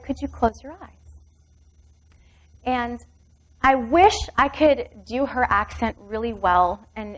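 A middle-aged woman pastor telling a personal story in a sermon, vivid and intimate. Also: on the high side.

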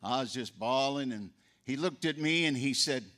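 A man's voice: medium pitch, lively intonation, moderate pace, a bit bright. An older man giving a folksy eulogy for his sister, telling stories and acting out the voices in them. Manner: folksy storyteller, acts out voices. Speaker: eulogist, brother of the deceased. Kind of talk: memorial eulogy with storytelling.

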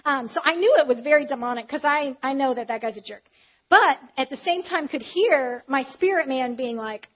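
Woman preacher, high bright voice, chatty storytelling sermon, slightly muffled audio. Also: moderate pace. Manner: candid, animated retelling with acted quotes.

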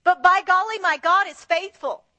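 A woman preaching an animated sermon with a very high, bright voice. She slips into other people's voices as she talks, acting out the lines she quotes. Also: moderate pace.

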